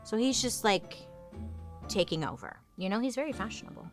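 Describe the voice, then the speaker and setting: A woman's voice: medium pitch, animated, a little fast, soft background music. A young woman hosting comedic history storytelling, chatty and sarcastic, with dramatic swings. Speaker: host.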